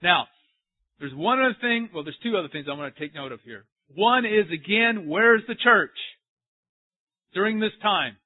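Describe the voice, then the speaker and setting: Animated high-voiced male preacher, tinny sound. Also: normal speed, no room sound. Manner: animated, asks the congregation questions. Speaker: pastor. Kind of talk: sermon.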